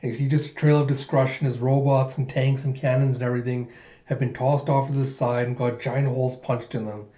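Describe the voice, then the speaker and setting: Guy rambling through a manga readthrough, mellow voice, dull lo-fi echoey room. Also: medium pitch, little pitch movement, brisk. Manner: rambling narration, filler-heavy. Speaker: manga reader.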